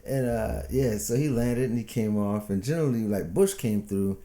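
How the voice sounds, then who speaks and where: A man's voice: fairly low pitch, moderate pace, dark tone. A man in his fifties, a podcast co-host telling a story in a laid-back, chuckling way. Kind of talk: casual storytelling chat.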